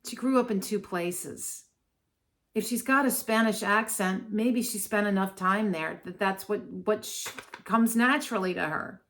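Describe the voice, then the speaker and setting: A woman's voice: medium pitch, a little slow, a bit bright. A woman from Maryland, an astrologer, talking casually and digressively to camera with plenty of fillers. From Maryland, USA. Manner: chatty, digressive, many fillers. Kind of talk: casual talking-head commentary.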